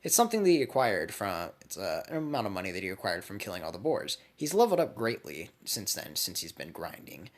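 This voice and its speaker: Animated man rambling through a story. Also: low-pitched, fast talker, few pauses. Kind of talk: casual fan speculation.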